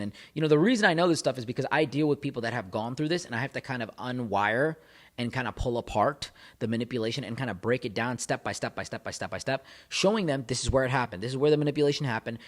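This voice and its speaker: A man giving relationship advice to camera as a coach, speaking emphatically, repeating phrases and building intensity. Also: mid-range voice. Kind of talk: direct-to-camera advice talk.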